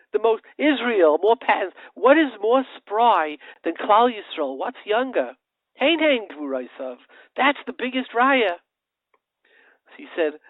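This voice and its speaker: A man, a rabbi, gives a short holiday Torah talk, animated, with sudden emphatic rises and English mixed with Hebrew and Yiddish terms. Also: high-pitched, dry recording. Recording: narrow phone-like line, dry.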